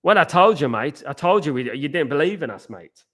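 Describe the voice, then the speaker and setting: A man's voice: a little high, lively intonation, a little fast, fairly bright tone. A man putting on a mocking impression of a boastful, arrogant Australian male football manager in a put-on Australian accent. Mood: smug. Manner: mocking, repeats "mate" after every line.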